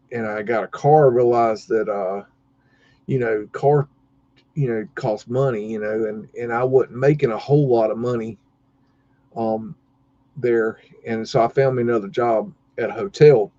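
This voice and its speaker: A man's voice: mid-range voice, dark tone, no room sound, lo-fi sound. A man casually telling rambling stories about his old jobs, folksy and swearing freely, with lots of fillers. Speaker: podcast host.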